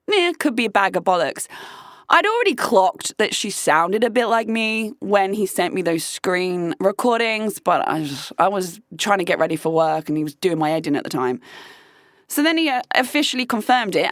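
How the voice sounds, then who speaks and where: A woman telling a personal story in a casual vlog, her fairly high voice leaping up and down as she swears and reacts in disbelief. The sound is close and dry, with no room around it. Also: no echo. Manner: animated, swearing freely, incredulous. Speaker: podcast host.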